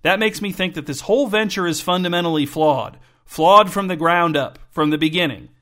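A man's voice: high voice, fairly quick, a bit bright, voice pushed up. A man reading Kay, a sarcastic, suspicious dad. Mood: indignant. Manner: sarcastic, suspicious, growing heated. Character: sarcastic argumentative middle-aged father. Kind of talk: audiobook character reading.

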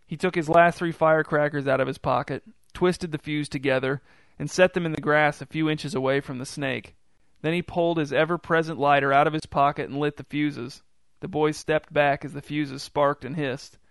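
A man reading a story aloud in an even, measured way. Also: a little high, gravelly, clean tone, no room sound. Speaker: narrator.

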